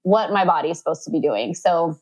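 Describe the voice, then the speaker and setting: Chatty woman retelling a story with lively quotes. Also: a little fast, rough recording. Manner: acts out quoted dialogue with sudden high pitch jumps; chatty, many "like" fillers. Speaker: podcast guest telling her birth story. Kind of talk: casual storytelling.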